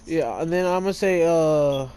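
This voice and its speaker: A man's voice: fairly high pitch, measured pace, warm tone, smooth. Rambling young-sounding man telling a story. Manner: filler-heavy, trips over names and corrects himself. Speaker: gamer retelling a fan story. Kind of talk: casual rambling storytelling while playing a game.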